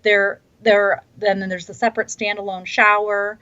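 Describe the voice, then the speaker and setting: A woman's voice: medium pitch, flat delivery, moderate pace, bright, forceful tone. A woman chatting casually on a podcast, enthusiastic and restarting her sentences often. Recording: dull lo-fi sound.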